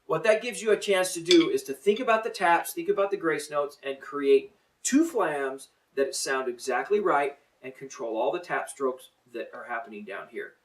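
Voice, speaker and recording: A man's voice: fairly high pitch, moderate pace, far from the mic, rough recording. A middle-aged man teaching a drum lesson, counting in and coaching in a plain-spoken, encouraging way.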